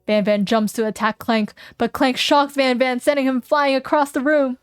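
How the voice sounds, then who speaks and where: A woman's voice: high-pitched, steady tone, moderate pace, clean tone, dry recording, clean studio sound, soft background music. Playful woman streamer reading a game. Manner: playful and giggly, jokes with chat. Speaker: vtuber streamer. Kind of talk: reading a game aloud with voices.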